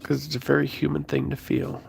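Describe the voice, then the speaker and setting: A man's voice: medium pitch, completely flat delivery, brisk, creaky, a little mellow, a little hiss or hum. A young man from the United States chatting casually with viewers on a live stream, friendly and rambling, with many fillers and restarts.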